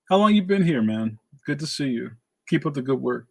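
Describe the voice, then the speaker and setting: A man with a New York accent hosting a casual livestream, chatting and reacting in an animated, slangy way. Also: brisk. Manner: animated, slangy, jumps up in pitch when excited. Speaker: livestream host. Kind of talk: casual chat reading viewer comments.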